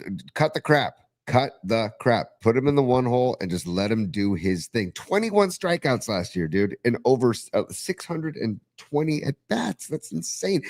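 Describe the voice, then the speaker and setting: A man co-hosting a casual sports podcast, talking with enthusiasm and rambling restarts. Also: medium pitch. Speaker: podcast co-host.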